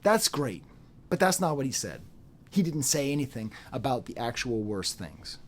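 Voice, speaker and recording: A YouTube commentator talks directly to the camera in an unscripted monologue at a moderate pace, his pitch rising and falling lively. He repeats phrases for emphasis and puts on mocking voices when quoting others.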